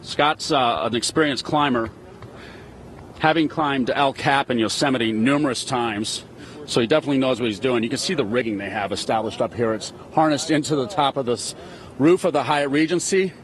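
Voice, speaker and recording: A man's voice: medium pitch, normal speed. A male TV news reporter doing a live field report outdoors on a hotel rooftop, upbeat and chatty with his guests.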